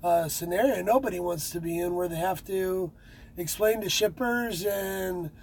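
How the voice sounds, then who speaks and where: A man's voice: sits high, moderate pace, a little mellow, a little hiss or hum, low-quality recording. A man who drives trucks, chatting casually and rambling with many fillers and restarts. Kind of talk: casual chat.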